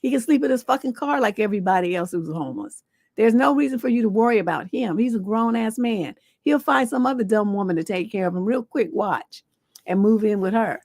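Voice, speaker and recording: A woman relationship coach hosts a livestream advice show. She gives blunt, sassy advice full of swearing, in a mid-pitched voice. The sound is dry and close to the mic. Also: expressive, a little fast, darkish tone, no echo.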